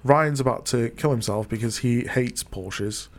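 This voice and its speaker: A man hosting a casual chat podcast, chatty and quick to laugh as he keeps the talk moving. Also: mid-range voice. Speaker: podcast host.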